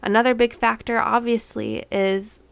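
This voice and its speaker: A woman's voice: fairly high pitch, steady tone, normal speed, gravelly, smooth. A pregnant woman in her thirties hosting her own podcast, talking candidly and a little emotionally with many ums and restarts. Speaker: podcast host. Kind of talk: personal podcast monologue.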